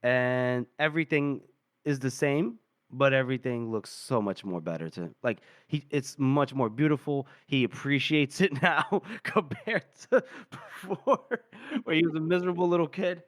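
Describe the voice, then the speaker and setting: A man's voice: mid-range voice, moderate pace, no echo, clean studio sound. A man hosting a podcast, loosely retelling a chapter with fillers and laughs. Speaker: podcast host. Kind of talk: casual chapter recap.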